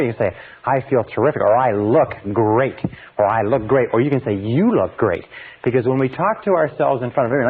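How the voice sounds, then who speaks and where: A man giving a motivational seminar lecture, emphatic and fond of repeating phrases for stress. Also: medium pitch. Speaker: seminar speaker. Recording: tinny phone-like old seminar recording.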